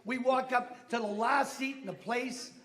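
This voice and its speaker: A man's voice: very high-pitched, fairly even intonation, a little slow, sharp tone. A middle-aged man from Massachusetts doing a stand-up routine, telling a story with acted-out voices and brash punchlines in a comedy club.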